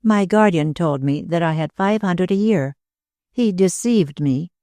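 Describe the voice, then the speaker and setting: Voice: medium pitch, a little slow, no room sound. A narrator voicing a proud, bitter young woman. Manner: steady and bitter. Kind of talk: audiobook character reading.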